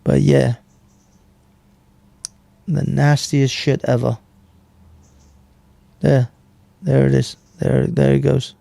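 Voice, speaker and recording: A man chatting casually on a live stream, slow and profane. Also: medium pitch, flat delivery, vocal fry, mellow, no echo.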